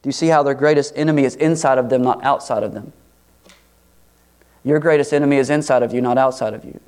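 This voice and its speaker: A man preaching an expository sermon, acting out the quoted voices with rising pitch. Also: steady tone, fast talker, a little mellow. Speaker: pastor.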